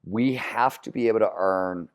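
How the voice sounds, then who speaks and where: A middle-aged man with a flat Midwestern American accent, an author speaking as a podcast guest and explaining ideas with energy and repeated phrases. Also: fairly low pitch, moderate pace. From Cleveland, Ohio, US. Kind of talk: podcast interview.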